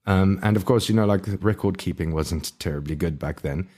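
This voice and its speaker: A man's voice: low voice, brisk, darkish tone. A man co-hosting a podcast in casual chat, rambling and laughing often as he loses his thread. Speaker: podcast co-host.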